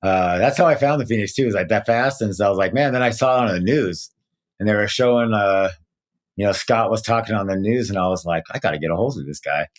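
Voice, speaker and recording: A man telling his story in a casual interview, earnest and animated, with many fillers and moments of emotion. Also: on the low side, brisk. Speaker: guest.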